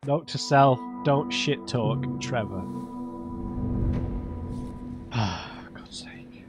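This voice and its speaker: A man commentating a blind gameplay run, chatty and self-mocking, often bursting into loud exclamations. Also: medium pitch, slow pace, in a whisper, over loud music. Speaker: let's play host. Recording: noticeable background noise.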